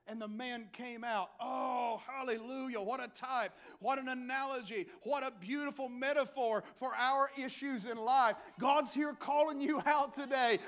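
A man, a pastor delivering a dramatic sermon in church, moving from quiet scripture reading to shouted calls. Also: very high voice, steady tone, unhurried, few pauses.

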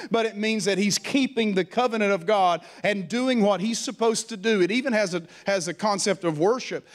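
Man, preacher, high voice, animated sermon, call-and-response, playful mocking. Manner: mocking stammer and high laughing voices for effect. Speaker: pastor.

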